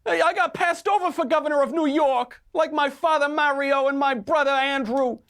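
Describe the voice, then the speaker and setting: A man's voice: very high voice, steady tone, normal speed, fairly bright tone, pitched above the performer's own voice. A man putting on a whiny, insecure Italian-American mobster with a put-on Italian-American accent, in a mocking impression.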